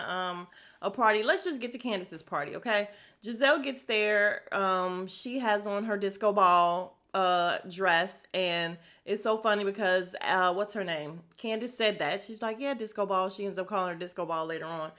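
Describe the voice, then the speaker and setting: Woman podcast host, chatty recap, swears freely, laughs a lot, mid-pitched voice, close podcast mic. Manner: animated, profane, laughs often, mimics people. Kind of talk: casual reality TV recap. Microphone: podcast microphone.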